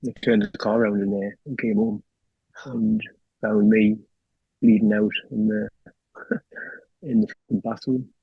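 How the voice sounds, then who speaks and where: In a candid interview, a middle-aged North East England (Geordie) man relates his own story with raw feeling, lots of swearing and repeated "do you know what I mean." His fairly low, creaky, slightly rough voice keeps a level tone at a measured pace with long pauses, on a dry, phone-quality recording.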